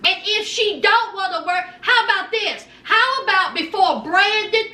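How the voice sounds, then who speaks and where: Chatty woman recap host, sharp bright tone, heard a bit off mic in a roomy space. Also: very high-pitched, normal speed, recorded from a distance. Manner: sassy, animated, acts out quotes, calls listeners honey and child. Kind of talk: casual gossipy recap. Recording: echoey room, off mic.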